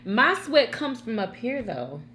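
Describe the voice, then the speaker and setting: Bright, animated woman vlogger. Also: on the high side, measured pace, a little hiss or hum. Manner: chatty, animated, addresses viewers directly. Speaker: mukbang host. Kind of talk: casual chat while eating.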